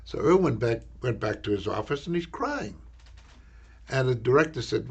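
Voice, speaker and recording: An older man, an actor, recalling a film shoot in a rambling, halting interview anecdote, repeating words as he goes. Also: mid-range voice, big pitch swings, slightly rough, dull audio.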